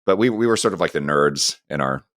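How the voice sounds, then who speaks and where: A man's voice: very deep voice, lively intonation, brisk, a bit bright, dry recording, clean studio sound. A middle-aged man co-hosting a podcast, meandering through an anecdotal story in casual chat. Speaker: podcast co-host.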